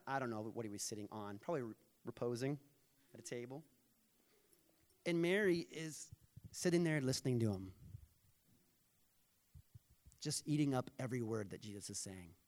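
A man preaching a sermon as a pastor, conversational and playful, and earnest in places. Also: mid-range voice.

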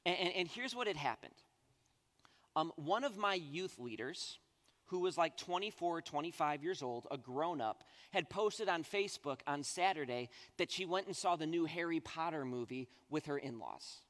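A man in his thirties delivering a sermon with a fairly high voice. He tells his stories in a lively, conversational way. His voice rings with a long reverb from the church hall. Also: moderate pace. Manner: animated conversational storytelling. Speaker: pastor. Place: church sanctuary.

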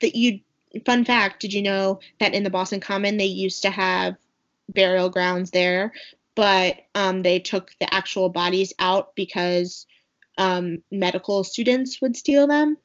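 A woman's voice: medium pitch, fairly even intonation, unhurried. A woman co-hosting a podcast, recapping a movie in casual chat, rambling with many fillers and asides. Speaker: podcast co-host. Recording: dull lo-fi sound.

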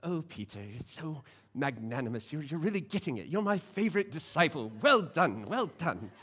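A kindly old British gentleman, as a preacher puts him on, speaks softly and lower than usual, heaping fond praise on a favorite pupil. His British accent comes through clearly as he approves. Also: big pitch swings, normal speed, full character voice. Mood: fondly approving.

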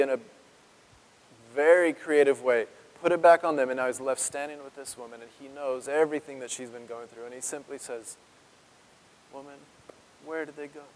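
A man preaching a sermon as pastor, earnest and emotional, with dramatic pauses and drops to a hush on key words. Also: mid-range voice. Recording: long reverb of a large hall.

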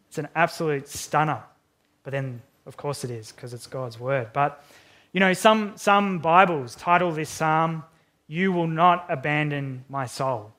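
A man's voice: on the high side, a bit bright. A man, a pastor, praying and then reading and unpacking a psalm verse by verse in an earnest, emphatic sermon. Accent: Australian.

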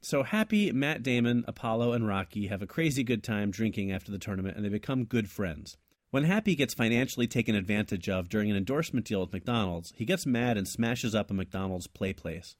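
Podcast co-host, man, animated storyteller, dry studio mic. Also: lowish voice, brisk, no echo. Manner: animated, laughs often, trails off and restarts. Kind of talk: casual chat, telling a made-up story ending.

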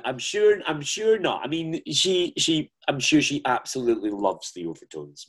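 A man's voice: a little high, lively intonation, moderate pace, husky. A male interviewer in a casual chat, asking playful, teasing questions.

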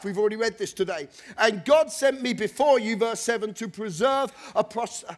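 A man preaching a passionate sermon, shouting and lilting into a sing-song delivery. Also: very high voice. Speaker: pastor.

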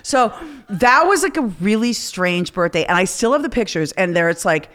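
A middle-aged woman hosting a podcast, telling stories in casual chat with lots of swearing and an animated delivery. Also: mid-range voice, moderate pace. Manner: profane, animated storyteller. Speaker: podcast host.

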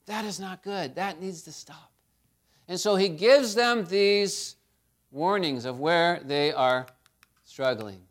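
Male pastor, higher register, animated sermon delivery with strong dynamic swings. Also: slow pace, long pauses. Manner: storytelling, animated preaching with swings in loudness.

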